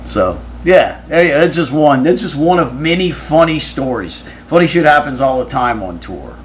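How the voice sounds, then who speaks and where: A man's voice: on the high side, lively intonation, moderate pace, a little hiss or hum. A man on a live stream, casually telling a rambling, profane story and answering fan questions. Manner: rambling, profane, with frequent restarts.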